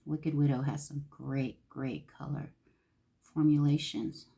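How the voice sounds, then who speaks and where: A woman's voice: low-pitched, fairly even intonation, slow, creaky, mellow. A woman from Los Angeles gushing and talking to herself as she chats casually through a makeup tutorial. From Los Angeles, California. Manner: gushing, talks to herself while applying makeup. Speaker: beauty vlogger.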